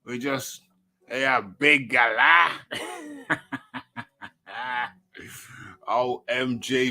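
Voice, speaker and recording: On his laid-back boxing livestream, this man reads an article aloud and rambles to himself, using his own name in the third person. His voice is mid-range, pushed and bright.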